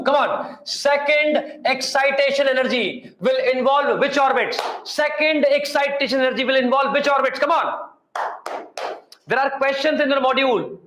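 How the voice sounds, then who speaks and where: A man with an Indian English accent teaching a chemistry class, energetic and repetitive, coaxing his students to answer. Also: very high voice, roomy sound, slight background noise, low-quality recording. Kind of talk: classroom lecture.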